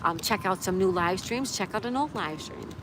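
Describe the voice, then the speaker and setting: A chatty woman hosts a casual live stream outdoors, reading viewers' messages aloud and cooing now and then to her dog. Her voice sits at a middle pitch. Clear traffic noise rumbles behind her. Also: animated, normal speed. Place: outdoors by a road in a town. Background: street and vehicle noise.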